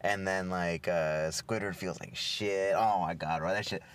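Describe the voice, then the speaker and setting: A man's voice: deep voice, steady tone, measured pace, clear, resonant tone. A man co-hosting a podcast, chatting casually, swearing a lot, laughing and telling stories. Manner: profane, laughing, storytelling. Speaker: podcast co-host. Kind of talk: casual chat.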